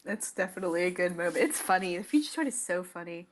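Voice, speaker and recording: A young woman co-hosting a fan podcast, gushing excitedly in casual chat, filling her talk with "like". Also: fairly low pitch, fast talker, slight background noise. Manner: gushing, excitable, many "like" fillers. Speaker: podcast co-host.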